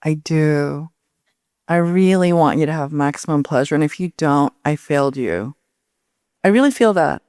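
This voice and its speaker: A woman author in a public onstage conversation, talking in an animated, personal storytelling way. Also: sits low, moderate pace, no room sound, clean studio sound. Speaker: author, guest. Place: indoor event stage.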